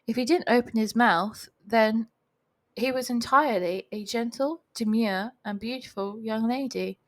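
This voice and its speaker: A young woman records herself at home reading a novel aloud, pausing now and then for chatty comments and giggles. She speaks unhurriedly in a fairly high voice.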